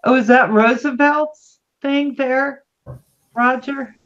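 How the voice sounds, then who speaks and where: A woman's voice: high voice, steady tone, slow, muffled recording. A woman hosting a livestream, chatting casually and greeting viewers with affectionate words. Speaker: livestream host.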